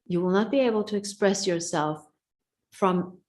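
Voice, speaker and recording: A woman's voice: mid-range voice, normal speed, darkish tone. A woman speaking earnestly and reflectively in a conversation, often repeating phrases as she searches for words. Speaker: guest speaker.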